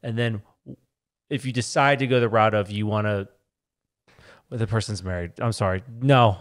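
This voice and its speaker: A man co-hosting a casual advice podcast, blunt and quick with joking asides. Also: fairly low pitch. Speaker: podcast co-host.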